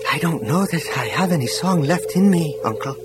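A man's voice: fairly high pitch, expressive, normal speed, music in the background, voice pushed up, natural voice. A man voicing a weary, subdued young woman.

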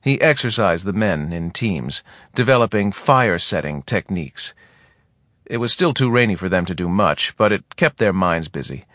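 A man narrating a novel in a steady, plain storytelling manner, recorded close to the mic. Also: low voice, normal speed, dry recording. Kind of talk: audiobook narration.

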